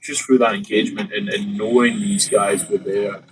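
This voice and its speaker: Man, low voice, podcast guest, casual storytelling, lots of fillers. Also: moderate pace, slight background noise, low-quality recording. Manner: animated, retelling with quoted inner thoughts and many fillers. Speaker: podcast guest, open water swimmer.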